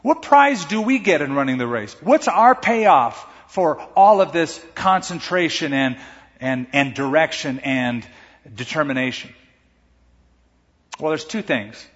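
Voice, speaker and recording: A man's voice: on the high side, expressive, measured pace. Emphatic preaching man in echoey hall. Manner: emphatic preaching with dramatic swings in loudness. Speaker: pastor. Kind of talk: sermon. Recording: echoey hall, dull muffled sound.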